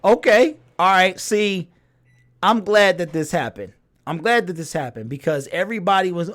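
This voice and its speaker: A man's voice: high-pitched, animated, normal speed, a bit bright. A man hosting a casual sports talk livestream, reacting to viewers' chat and reading comments aloud with lots of fillers and repeats.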